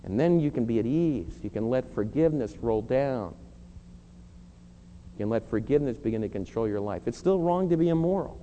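A middle-aged male pastor delivers an earnest, emphatic sermon, pressing his listeners and then owning his own faults. His voice is mellow and dark. It rings with the long reverb of a large church hall over a faint hum. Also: mid-range voice, lively intonation, brisk, muffled recording. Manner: earnest, emphatic preaching with confessional asides.

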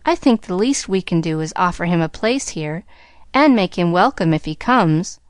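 A woman's voice: medium pitch, expressive, normal speed, no room sound, clean studio sound, natural voice. A woman voicing a tomboyish girl speaking with eager, mock-formal earnestness.

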